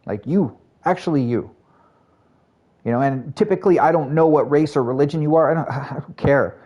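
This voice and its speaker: A man's voice: on the high side, normal speed, a little mellow, husky, muffled recording. Chatty Canadian streamer guy. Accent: Canadian English. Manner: chatty, addresses chat and viewers by name, friendly filler-heavy talk. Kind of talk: casual live-stream chat while gaming.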